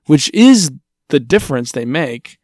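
A man's voice: on the high side, big pitch swings, measured pace, a little mellow, no room sound. A man co-hosting a podcast in casual chat, laid-back, throwing in dry wisecracks. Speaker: podcast co-host.

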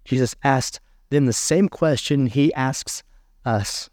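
A male pastor preaching a sermon in a conversational way, reading scripture aloud with pauses. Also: medium pitch, darkish tone, no room sound, studio quality.

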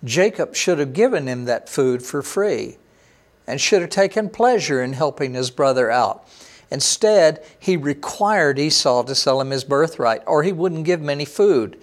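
Male pastor, high pitch; preaches from scripture, lifting verses and softening for commentary. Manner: reads verses aloud with lifted emphasis, then drops to quiet commentary. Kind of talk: sermon reading and explaining scripture. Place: online church service.

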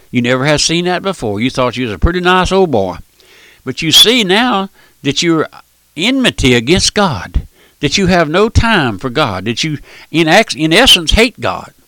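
A man's voice: on the high side, sharp tone. An older man preaching a radio sermon, emphatic and folksy.

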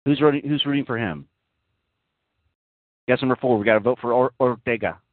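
A man's voice: mid-range voice, a little fast, no echo. A man hosting a casual online radio talk show, rambling in a mock-serious way with many fillers, heard as tinny, phone-like audio. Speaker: host.

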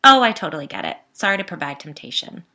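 A woman's voice: low-pitched, very animated, fast, sharp tone, heavily acted. A woman voicing a bold, cheerful woman in her early thirties who talks bluntly and with authority. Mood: peppy.

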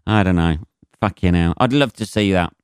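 A man's voice: sits low, moderate pace, clean tone, dry recording, studio quality. A British man hosting a podcast, ranting and swearing at length in a rambling, mocking way. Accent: British English. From Britain. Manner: sweary, rambling, mocks with put-on voices. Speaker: podcast host. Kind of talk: profane solo rant.

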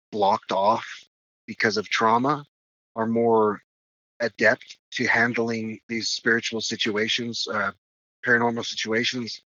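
A man's voice: medium pitch, bright, forceful tone, dry recording, highs cut off. A man recounting a strange experience as a podcast guest, rambling with many fillers and restarts. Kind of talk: casual storytelling.

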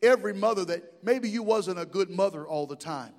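A man's voice: sits high, expressive, a little fast. A middle-aged man pastor preaching a sermon in a church, impassioned, with call-and-response asides. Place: church sanctuary. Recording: long hall reverb.

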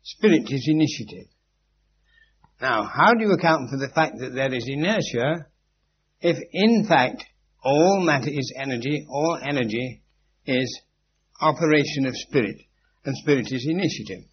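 A man's voice: mid-range voice, lively intonation, moderate pace. Man, spiritual teacher, emphatic lecture, dry wit, live audience, muffled old tape, faint hum. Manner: emphatic and instructive, with dry witty asides and repeated key phrases. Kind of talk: informal philosophical lecture. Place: meeting room with a live audience.

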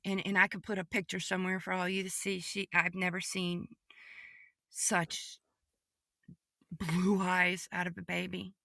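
A woman giving a podcast testimony, telling a personal story vividly and emotionally, often repeating phrases and moving between hushed and excited delivery. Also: fairly low pitch, a little slow, gravelly, long pauses, no room sound, clean studio sound.

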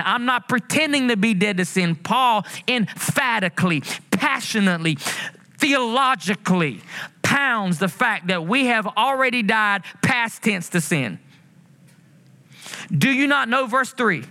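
Bright, high-voiced preaching man. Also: unhurried. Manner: preaching with animated swings, rising passionately and drawing out quotes. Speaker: pastor. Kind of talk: sermon.

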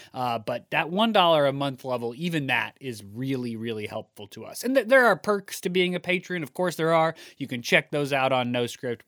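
Man, podcast co-host, casual, earnest, slightly high pitch, dry sound. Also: fairly bright tone, no room sound. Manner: earnest, chatty, repeats words.

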